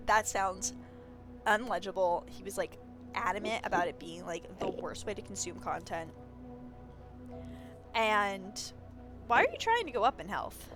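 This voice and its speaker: A woman's voice: mid-range voice, very animated, moderate pace, long pauses, over music. A young woman streaming, chatting casually in a rambling way and swearing freely. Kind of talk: casual chat.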